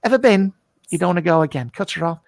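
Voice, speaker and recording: A man's voice: high-pitched, expressive, fast, creaky, no room sound. A man playing a brash, camp middle-aged male TV psychic, blunt and rude, hosting a live show from a home garage. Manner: blunt, rude, mock-mystical, shouts greetings. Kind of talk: comic improvised live stream.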